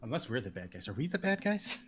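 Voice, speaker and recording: A man's voice: mid-range voice, sing-song, over music. Bantering man player. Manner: bantering, quick to argue. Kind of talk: casual tabletop chat.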